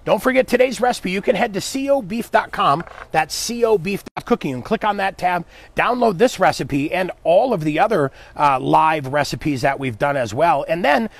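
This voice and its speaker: A man's voice: fairly high pitch, animated, moderate pace, vocal fry. A man hosting a live cooking demo, chatting upbeat with viewers and his helper as he cooks. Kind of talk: live cooking stream, casual chat.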